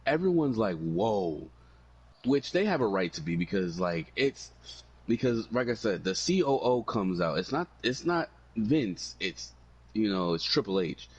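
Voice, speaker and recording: A man's voice: on the low side, normal speed, slightly rough, highs cut off. A man co-hosting a casual wrestling review podcast, telling stories with profane slang and frequent laughter. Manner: animated storytelling, profane slang, laughs often. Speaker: podcast co-host.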